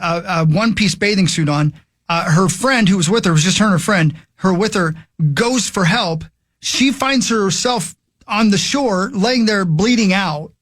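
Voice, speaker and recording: A man's voice: high voice, fairly bright tone, dry recording. A man on a radio studio mic, telling a long rambling story in casual chat with his co-hosts. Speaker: radio show host.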